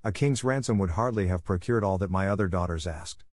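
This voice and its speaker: A man's voice: sits low, brisk, darkish tone, no room sound. A man voicing a frightened old male merchant who speaks in a humble, pleading way in an audiobook reading.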